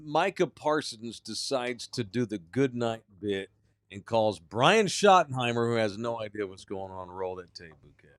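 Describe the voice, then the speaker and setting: A man's voice: mid-range voice, animated, normal speed, smooth, dry recording, studio quality. A man co-hosting a sports radio show, chatting casually and reading a live ad with a drawl, often acting out quoted voices. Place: radio studio.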